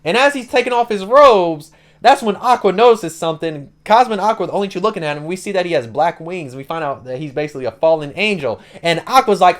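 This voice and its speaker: A man's voice: high-pitched, expressive, fairly quick. A man giving a rambling, slangy casual recap of a story as an anime channel host, leaning on "like" and "basically".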